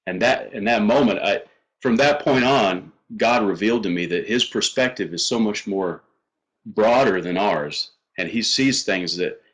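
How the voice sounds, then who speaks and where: A middle-aged man sits as a guest and tells a long personal story in a fairly low voice. He talks earnestly, with plenty of fillers and false starts. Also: fairly bright tone, rough recording. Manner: earnest, halting, with many fillers and restarts.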